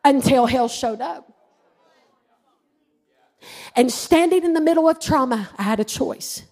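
A woman pastor preaching a sermon, mixing personal stories and humour with fervent passages that rise to shouted declarations. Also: high voice, unhurried.

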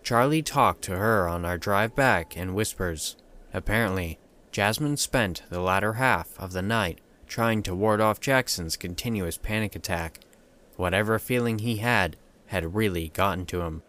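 A man narrating a first-person horror story in a steady, measured way. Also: fairly low pitch.

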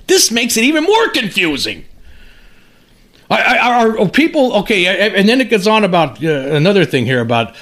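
A man's voice: high-pitched, sing-song, a bit bright. A man in his fifties casually commenting on an article he reads aloud, stumbling and restarting, his voice climbing when he gets worked up. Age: 50s. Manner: halting, many restarts, rising when indignant. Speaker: UFO commentary channel host.

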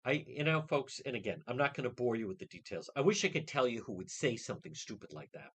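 A man hosting a radio talk show, ranting indignantly and mocking others' words in quick put-on quotes. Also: medium pitch, slight background noise.

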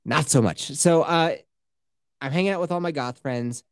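A man's voice: a little high, moderate pace, clean tone, no echo, clean studio sound. A man in his thirties from Colorado hosting a podcast, telling a profane, rambling story and laughing along with himself. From Colorado, USA. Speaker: podcast host. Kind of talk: casual storytelling chat.

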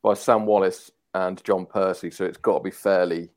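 Relaxed wry low-voiced man. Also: normal speed. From England. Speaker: podcast co-host. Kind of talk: casual football podcast chat.

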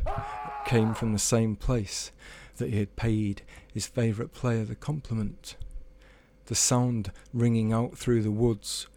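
A man telling a comic story in a measured, deadpan way. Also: lowish voice, no echo. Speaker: storyteller guest.

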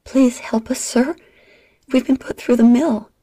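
A woman's voice: fairly high pitch, steady tone, unhurried, warm tone, no echo, voice pushed up. A woman voicing a frightened but defiant young Irish woman who pleads and protects her sister. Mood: pleading.

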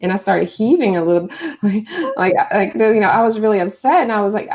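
A middle-aged woman hosting a casual interview, chatty and expressive as she shares her own story. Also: medium pitch, a little fast. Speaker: host.

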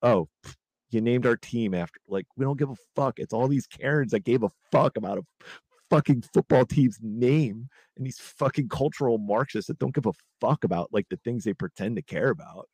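A man's voice: mid-range voice, fairly quick, darkish tone, slightly rough, dry recording. A man hosting a podcast, rambling casually with lots of fillers and swearing. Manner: rambling, profane, many fillers. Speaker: podcast host.

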